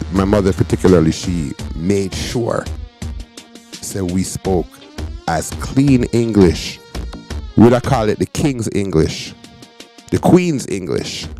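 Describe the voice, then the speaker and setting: A man's voice: sits low, warm tone. A man from Jamaica with a Jamaican Canadian accent, hosting casual reaction commentary and telling stories with emphasis. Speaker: host.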